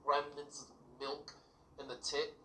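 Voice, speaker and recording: A man's voice: on the high side, completely flat delivery, measured pace, sharp tone, reverberant, recorded from a distance, rough recording. A man ranting bluntly and profanely at another creator in a casual vlog clip. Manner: blunt, profane, addressing the viewer directly. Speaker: small youtuber.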